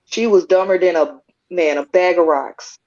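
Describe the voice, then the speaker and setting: A woman of middle pitch tells a lively story in a relaxed group chat. Her voice comes through a slightly muffled, lo-fi recording. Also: slight background noise. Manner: storytelling, quick laughs.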